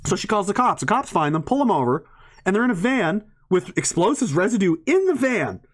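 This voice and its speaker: A man rants to an audience in a rambling, profane monologue, his somewhat high voice swinging up and down. He laughs partway through sentences and swears freely. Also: very animated, a little fast.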